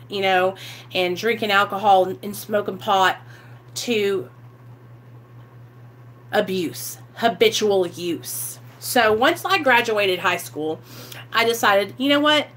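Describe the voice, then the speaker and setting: A woman, candidly telling her life story to the camera, animated and swearing freely, acting out what people said. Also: mid-range voice, slow. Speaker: vlogger sharing recovery story.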